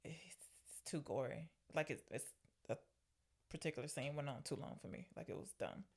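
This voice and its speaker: A woman's voice: sits low, animated, brisk, creaky. A woman co-hosting a movie podcast in casual chat, wry and questioning. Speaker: podcast co-host.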